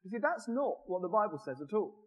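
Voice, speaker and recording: A man giving a conversational, animated sermon in a church, joking with the congregation as he goes. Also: high voice, brisk, lo-fi sound. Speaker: preacher. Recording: reverberant church hall.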